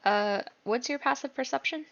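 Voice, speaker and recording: A woman's voice: high voice, moderate pace, creaky, a bit bright, highs cut off. A woman acting as game master, asking players questions with light teasing. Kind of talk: running a tabletop game.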